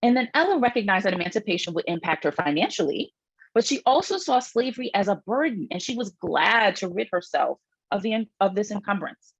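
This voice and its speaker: A woman's voice: very animated, fairly quick, creaky, slightly rough, dry recording, muffled recording. A middle-aged woman, an author giving a public book talk, reads passages from her book aloud and breaks off for asides, with frequent fillers and restarts. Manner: raises her pitch when reading quoted passages, frequent fillers and restarts.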